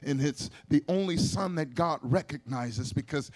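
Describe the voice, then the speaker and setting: A middle-aged male pastor with a fairly high voice preaches a sermon. He leans on repetition and call-and-response, and swings from hushed asides to ringing shouts. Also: moderate pace.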